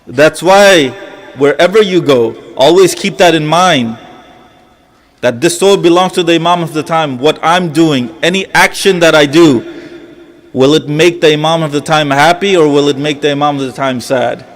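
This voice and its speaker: A man's voice: a little high, normal speed. A man preaching a mourning sermon. He asks rhetorical questions, repeats key phrases, and retells scenes through quoted dialogue.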